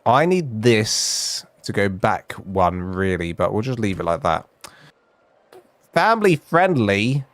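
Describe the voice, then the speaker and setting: A man's voice: fairly low pitch, sing-song, moderate pace, fairly bright tone, no room sound. A young man streaming from home, telling a funny story in a chatty, self-mocking way. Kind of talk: casual storytelling while gaming. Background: faint game music.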